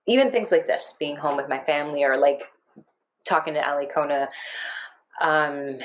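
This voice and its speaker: A woman co-hosting a podcast, talking through her feelings in a rambling, emotional way with lively quoted asides. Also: low voice, slight background noise. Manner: emotional, rambling, animated quoting. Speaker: podcast co-host. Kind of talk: casual podcast chat.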